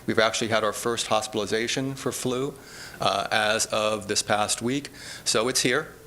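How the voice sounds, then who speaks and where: A man, a public health officer, giving a steady, explanatory report to a board meeting. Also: lowish voice, normal speed, a little hiss or hum. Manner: steady, explanatory, repeats "again". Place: meeting room.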